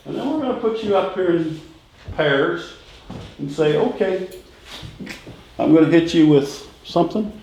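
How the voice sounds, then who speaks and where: A middle-aged man runs a sales training session, his fairly high voice bouncing around an echoey classroom. He drills the same phrases over and over and fires short questions at the class. Faint noise hums behind him. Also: lively intonation, measured pace, long pauses, a little mellow. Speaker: real estate sales instructor.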